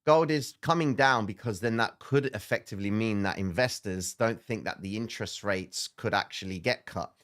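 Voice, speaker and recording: A man of Greek origin hosting a live market stream, talking in an animated, excitable way that jumps high when he gets worked up. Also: moderate pace, hardly any pauses. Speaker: livestream market analyst host. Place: indoor studio under bright lights.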